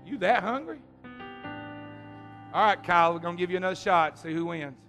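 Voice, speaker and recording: A man with a high, bright voice leads a lively youth camp service. He coaxes and teases the young people loudly between bits of preaching. A guitar plays faintly behind him. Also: a little fast, pauses often. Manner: loud, coaxing, teasing. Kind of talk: lively youth service sermon with audience games.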